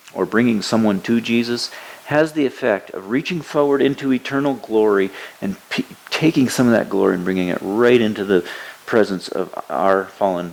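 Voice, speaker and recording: A man's voice: on the low side, creaky, rough recording. A man preaching a sermon, teaching earnestly and quoting scripture with emphasis. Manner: frequent hesitations and restarts.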